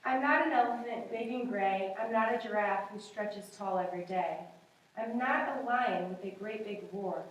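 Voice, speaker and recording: A woman voicing a gentle, sad female cow from a storybook, speaking in plaintive rhymes. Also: medium pitch, moderate pace, dull audio, lightly acted. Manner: plaintive, rhyming storybook lines. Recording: echoey room, far from mic.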